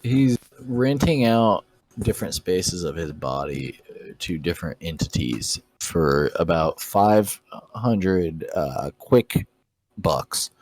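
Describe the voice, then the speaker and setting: A hesitant man who restarts and repeats his words as he makes his point in podcast banter. His pitch is middling for a man. The sound is dry and close, with no room echo. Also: expressive, slow pace, a little mellow. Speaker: podcast co-host. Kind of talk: casual debate chat.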